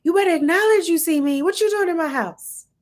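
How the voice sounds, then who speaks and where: A woman voicing a bossy high little dog. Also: fairly quick. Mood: sassy. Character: sassy little female dog, territorial.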